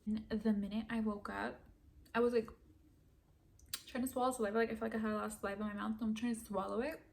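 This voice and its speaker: Animated woman telling her story. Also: on the high side, fast, gravelly. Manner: animated, drops to whispers when quoting herself. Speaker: vlogger. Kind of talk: casual storytelling.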